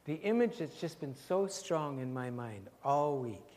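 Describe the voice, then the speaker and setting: Older male pastor, slightly high voice, gentle and soft-spoken, recorded in a long-reverb hall. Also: animated. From Canada. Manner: gentle, unhurried, repeating phrases, often dropping very soft. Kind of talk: sermon and prayer. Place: church sanctuary.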